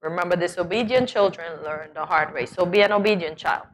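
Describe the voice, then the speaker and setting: A woman co-hosting a morning talk show, animated and exclaiming as she chats. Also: fairly low pitch, slight background noise. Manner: animated and exclaiming, quick to laugh. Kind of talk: casual studio banter. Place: TV studio.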